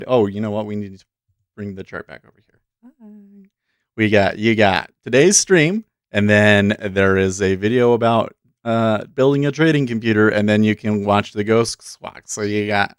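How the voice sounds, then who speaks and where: His lowish voice is clear and resonant as he hosts a day-trading livestream, offering casual commentary directly to viewers at his desk microphone. He thinks aloud between remarks, and the sound is clean studio audio with no echo.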